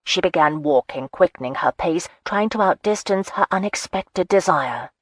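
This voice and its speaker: A woman narrating a romance audiobook in a steady, even storytelling manner. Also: fairly low pitch, moderate pace, dry recording. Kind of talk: scripted narration.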